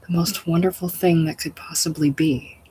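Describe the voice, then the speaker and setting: A storyteller voicing a grieving wife, urgent and elated, sometimes dropping to a breathy whisper. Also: medium pitch, steady tone, moderate pace, a little mellow, a little hiss or hum, close to an everyday voice, poor audio.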